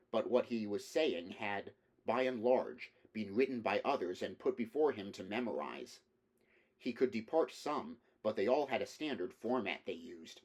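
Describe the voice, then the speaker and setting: A man reading a novel aloud as an audiobook in a steady, even storytelling manner. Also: lowish voice. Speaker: audiobook reader. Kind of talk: audiobook narration.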